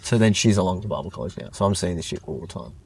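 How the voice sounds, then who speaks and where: A man's voice: low voice, rapid-fire, gravelly, breathy edge. A young man telling a long personal story in casual chat, rambling with lots of fillers. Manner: rambling, lots of "like", animated retelling. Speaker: guest.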